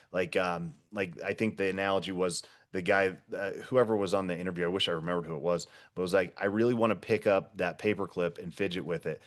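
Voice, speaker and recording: A man with a very low voice talks in loose, rambling bursts full of fillers and restarts. He is blunt and swears casually in relaxed podcast conversation. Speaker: podcast guest, former first responder.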